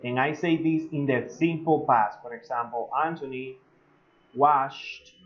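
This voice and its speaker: Slow-talking male teacher, muffled audio. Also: mid-range voice. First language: Spanish. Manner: slow, stretches example sentences, many "eh" fillers. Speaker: English teacher. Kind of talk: online grammar lesson. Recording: slightly dull lo-fi audio.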